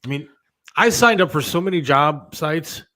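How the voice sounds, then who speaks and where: A man's voice: on the high side, animated, normal speed, bright, forceful tone, poor audio. A man in casual talk-show chat, telling rambling stories with lots of fillers and restarts. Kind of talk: casual radio-style chat.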